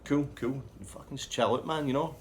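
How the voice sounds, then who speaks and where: A man's voice: mid-range voice, fairly even intonation, moderate pace, a little hiss or hum, voice pushed up, lightly acted. Man playing a hesitant young Scottish guy, soothing, stumbling over his words, a bit raised.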